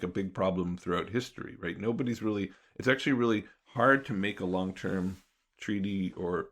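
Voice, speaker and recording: A man with a low, gravelly voice talks through his ideas as an interview guest. He sounds like a professor laying out an argument step by step, thoughtful and explanatory in an easy conversational way.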